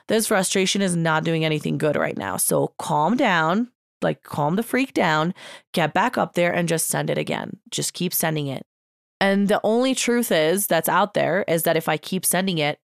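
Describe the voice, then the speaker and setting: Young woman giving a pep talk, kinda low voice, super dry close mic, casual and emphatic. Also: clean tone, no echo. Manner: casual, emphatic, lots of filler words. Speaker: podcast host. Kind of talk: motivational monologue.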